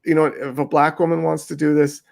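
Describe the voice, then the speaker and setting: A man hosting a casual interview, his voice sitting a bit high for a man. He tells his stories with animated emphasis and acts out what he said at the time, in a lively back-and-forth way. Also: fast talker, gravelly. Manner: animated, emphatic storytelling, often acting out his own quoted remarks. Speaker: interview host.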